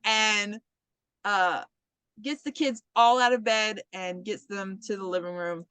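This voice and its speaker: Co-hosting a podcast in casual chat, a woman retells a horror movie scene by scene, acting out the characters' lines and swearing freely as an animated storyteller. Her medium-pitched voice is clear and resonant at a measured pace, with no room sound.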